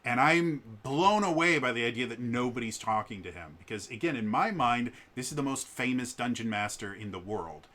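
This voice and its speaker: Stammering man with a bright tone. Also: medium pitch, animated, normal speed, few pauses. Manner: hesitant, stammering, with many restarts and fillers. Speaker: vlogger. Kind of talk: casual personal storytelling.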